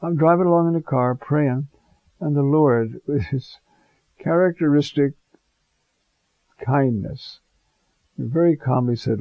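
Gravelly man giving a casual homily. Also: a little high, slow, pauses often, no room sound, phone-quality sound. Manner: conversational, digressive, many fillers and asides. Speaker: priest. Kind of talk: informal homily on scripture.

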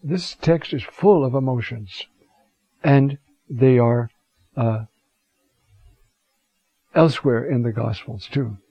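Guy giving a bible lesson, unhurried, lots of pauses, dry dull lo-fi sound. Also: mid-range voice, slightly rough, dry recording. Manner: unhurried and reflective, pausing often to look up verses. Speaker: Bible teacher. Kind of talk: teaching a Scripture talk.

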